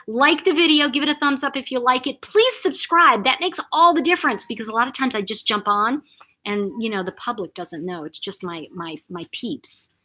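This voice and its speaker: An older woman hosting a casual live chat, reading viewer comments aloud, chatty and quick to laugh. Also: fairly high pitch. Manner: warm, chatty, reacts to comments, laughs often.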